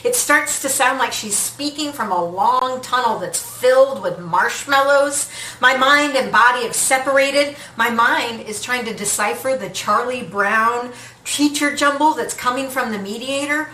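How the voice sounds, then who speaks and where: Woman, 30s, solo stage storyteller; high, vivid, hushed to frantic; roomy, distant mic. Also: unhurried, a little hiss or hum. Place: theater stage. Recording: roomy echo, distant mic, faint ambience.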